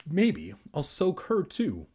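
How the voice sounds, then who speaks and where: A man's voice: fairly high pitch, wildly swooping pitch, slow pace, a little mellow, slightly rough, voice pushed up, full character voice. A man voicing an angry young boy who growls and makes demands. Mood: grumbling.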